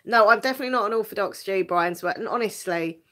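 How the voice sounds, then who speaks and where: A fast-talking Essex woman from England hosts a live stream, casually going through viewer comments in a medium-pitched, sharp-toned voice. She's self-mocking and chatty, laughs often, and repeats words at the start of her sentences.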